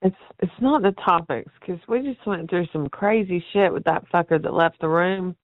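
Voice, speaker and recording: A man phones into a talk show and keeps arguing the point. His voice is high for a man. It is dry and squeezed, like a phone call. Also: normal speed, no room sound. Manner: argumentative, nitpicking. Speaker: caller. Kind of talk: call-in radio chat.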